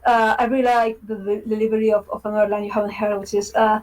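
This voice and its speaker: Young female guest, high voice, rambling and giggly, on a video call. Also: completely flat delivery, normal speed, pauses often, a little mellow, poor audio. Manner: rambling, full of fillers and restarts, giggly. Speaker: game developer guest. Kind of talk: casual online interview.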